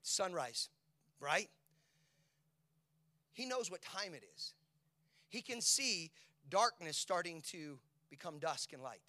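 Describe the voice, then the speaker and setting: A male preacher giving a sermon, asking his listeners questions and moving between hushed whispers and loud, shouted peaks. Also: high voice, lively intonation, takes it slowly, long pauses. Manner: asks the congregation rhetorical questions.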